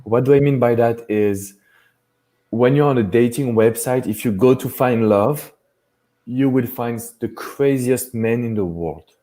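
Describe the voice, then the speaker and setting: A man's voice: medium pitch, unhurried, warm tone. A man with a French accent, a dating coach talking earnestly in a live chat, often restarting his phrases. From France.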